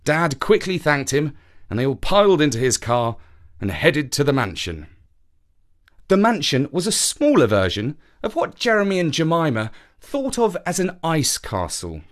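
Male storyteller, fairly high voice, very expressive delivery, reads for kids. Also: moderate pace. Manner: animated storytelling, acts out characters. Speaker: story reader and presenter. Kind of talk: reading a children's story aloud.

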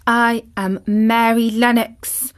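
A woman's voice: on the high side, little pitch movement, slow. A woman voicing a spoiled, stiff little girl who speaks imperiously in a storybook reading. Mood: indignant. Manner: imperious, indignant.

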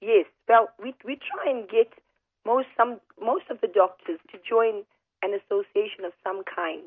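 A hoarse woman, an aesthetic doctor, explains her work steadily as a radio guest. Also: mid-range voice. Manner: measured, explanatory, with fillers. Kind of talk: phone-in radio interview. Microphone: telephone. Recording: tinny phone line on radio.

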